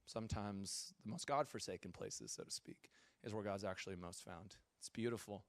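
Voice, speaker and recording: A man's voice: lowish voice, moderate pace, gravelly, no echo. A male pastor giving a casual, joking sermon and asking his audience questions. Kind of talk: conversational sermon.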